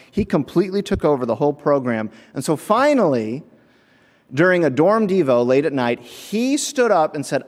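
A man preaching a sermon, telling a story and acting out the voices of people in it. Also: on the high side. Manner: storytelling, acts out voices in quotes. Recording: long hall reverb.

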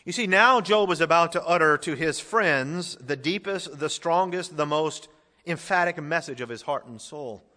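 A male pastor preaching a sermon to a congregation, swinging from emphatic declarations to hushed, drawn-out phrases. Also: a little high, animated. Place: large hall with an audience. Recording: long hall reverb.

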